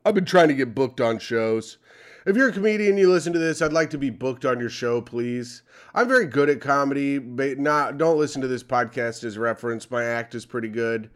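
A man's voice: mid-range voice, brisk, smooth. Joking young man co-hosting a podcast. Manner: joking, rambling, puts on silly voices. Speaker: podcast co-host and comedian. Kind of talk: casual comedic chat.

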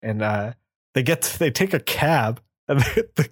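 A man co-hosting a comic book podcast, casually retelling a plot and slipping into quick voices for the characters. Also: medium pitch, expressive, breathy edge, no room sound, clean studio sound. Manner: acts out quotes in quick voices.

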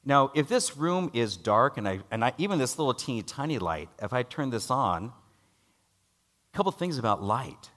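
A middle-aged preacher weaves a personal story into his sermon in a sing-song voice at normal speed. Dialogue comes out loud, while moments of worry drop low and quiet.

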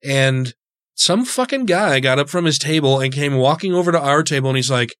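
A man telling stories on a casual podcast in a profane, animated way. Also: fairly high pitch, a little fast, no room sound, studio quality.

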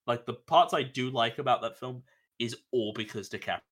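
A man's voice: mid-range voice, a little fast, a bit bright. An Australian man co-hosting a podcast, rambling casually about films with restarts and swearing. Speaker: podcast co-host. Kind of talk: casual film chat.

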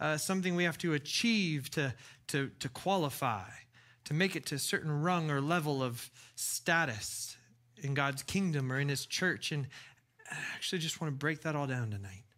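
A man's voice: on the high side, a bit bright. A man preaching a casual, chatty sermon with enthusiasm, often restarting his sentences and laughing. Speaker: pastor.

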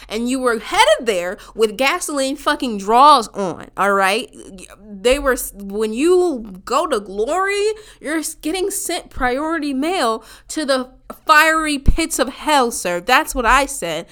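A woman telling a personal story to her viewers in a casual, animated, profane way, often saying y'all. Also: fairly high pitch.

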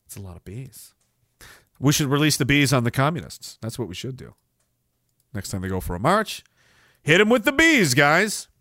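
A man's voice: mid-range voice, very animated, normal speed, pauses often, fairly bright tone, no room sound, studio quality. A man hosting a casual livestream podcast, rambling and sarcastic with mocking asides. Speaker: podcast host.

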